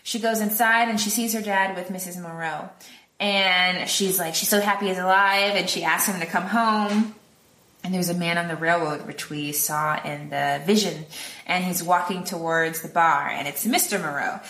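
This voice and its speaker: Woman rambling thru a movie recap, lots of ums, bright voice, echoey room. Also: fairly low pitch, normal speed, a little hiss or hum. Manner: rambling retelling, full of fillers and acted-out quotes. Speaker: podcast co-host. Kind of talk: casual film recap.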